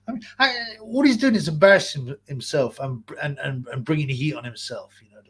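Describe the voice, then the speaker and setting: Husky man ranting on a livestream. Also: a little high, sing-song. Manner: profane, rambling, quick to laugh. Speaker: livestream host. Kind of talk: casual livestream chat.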